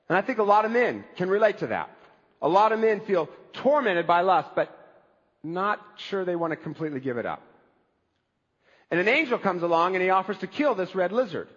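High-voiced guy preaching, kinda breathy, echoey church sound. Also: highs cut off. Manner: conversational preaching with animated asides. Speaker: pastor. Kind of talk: sermon.

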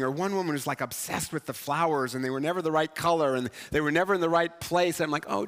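A man preaching a sermon as pastor, talking in a conversational, animated and self-mocking way. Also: sits high. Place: church sanctuary. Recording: church hall reverb.

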